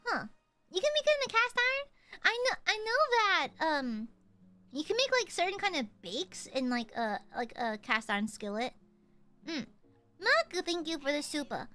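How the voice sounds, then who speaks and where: A woman's voice: very high voice, very animated, normal speed, pushed and bright, faint music behind. A young woman with a subtle Southern US accent, chatting casually and playfully as a streamer while reading donations. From United States. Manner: chatty, playful, pouty teasing.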